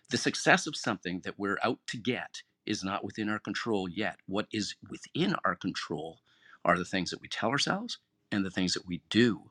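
A man's voice: on the low side, a bit bright, dry recording, clean studio sound. A man hosting an online group room, giving an earnest, encouraging motivational talk that repeats its key phrases. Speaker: room host and moderator.

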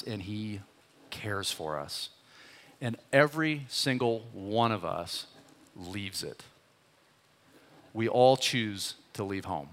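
A man preaching a sermon, retelling a story in a lively, conversational way and speaking directly to the congregation. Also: medium pitch. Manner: animated storyteller, talks straight to the congregation. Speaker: pastor. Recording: long hall reverb.

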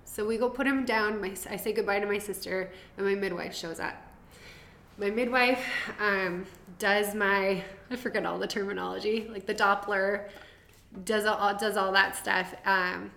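A woman's voice: mid-range voice, creaky, fairly bright tone. A young woman telling her birth story as a podcast guest, chatty and laughing, drifting into tangents. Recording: roomy echo.

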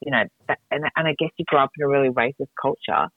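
A woman's voice: rumbling low, fast, husky, dry recording. Chatty woman on a tinny line. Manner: candid, rambling, swears freely. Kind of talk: casual chat. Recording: dry tinny phone-like sound.

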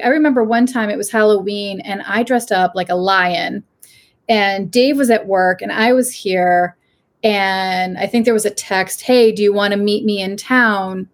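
A woman from Maine, a podcast guest, telling stories in a casual chat with frequent laughter. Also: medium pitch. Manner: laughing, animated storyteller.

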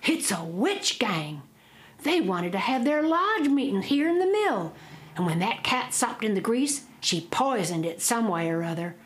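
A woman's voice: on the high side, big pitch swings, unhurried. A woman voicing an anxious, shrewd older male mill owner, hollering in an urgent drawl. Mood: grave.

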